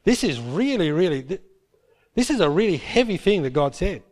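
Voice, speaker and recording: A man preaching a sermon, retelling Bible stories with lively acted-out quotes. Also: sits high, moderate pace. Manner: lively storytelling, acts out biblical characters in quotes. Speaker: pastor.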